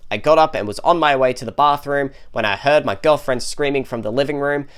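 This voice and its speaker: A man's voice: mid-range voice, brisk, smooth. A man co-hosting a comedy show, reading online posts aloud in a casual way, with laughs and jokey asides. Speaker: co-host reading online stories.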